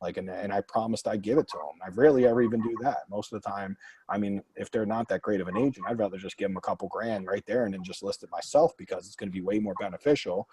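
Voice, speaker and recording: A man hosting a group Q&A, telling blunt, animated stories full of quoted dialogue. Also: on the low side, quick pace, breathy edge, no echo, rough recording. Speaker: real estate investor and mastermind host. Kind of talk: casual group Q&A coaching.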